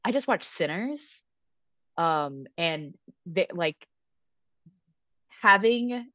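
A woman who teaches and runs tabletop campaigns, chatting casually and thinking aloud in a halting way. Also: fairly low pitch, animated, fairly bright tone, dry recording, lo-fi sound. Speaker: teacher and game master. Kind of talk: casual podcast chat.

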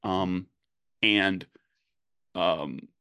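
A man's voice: low-pitched, sharp tone, clear, resonant tone, no echo, clean studio sound. A man, a game designer, talking through design ideas in a casual panel chat, full of restarts and fillers. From United States. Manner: halting, many restarts and fillers. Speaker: game designer, podcast host.

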